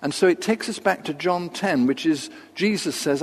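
An older man preaching a sermon, measured and unhurried, with pauses and asides. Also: on the high side. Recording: long reverb of a large hall.

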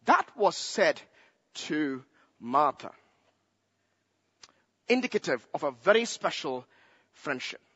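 A man with a high, bright voice delivers a sermon at an unhurried pace, leaning on key words and asking rhetorical questions. The sound is dull and lo-fi, with a long reverb from a large hall. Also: very animated, breathy edge. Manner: slow, emphatic, asks rhetorical questions. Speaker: preacher.

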